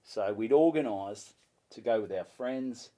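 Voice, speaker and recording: An Australian man spins a story in loose, relaxed chat, with salty language throughout. He keeps jumping into the voices of the people he describes, so his telling stays lively. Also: on the low side, a little slow. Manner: animated, swearing, acts out voices in his stories. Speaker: comedian guest.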